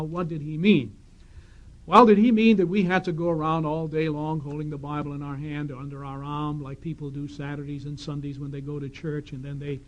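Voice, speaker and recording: Emphatic preacher on lo-fi tape. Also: male voice, on the high side. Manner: emphatic, questioning, reads scripture aloud. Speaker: congregation speaker. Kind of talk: sermon with audience questions. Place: congregation hall. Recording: dull lo-fi 1970s tape.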